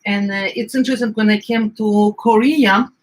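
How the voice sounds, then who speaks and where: A middle-aged woman with an Eastern European accent, chatting casually as she cooks, often searching for words and filling pauses. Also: mid-range voice, steady tone, rough recording. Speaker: home cook. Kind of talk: casual cooking vlog chat.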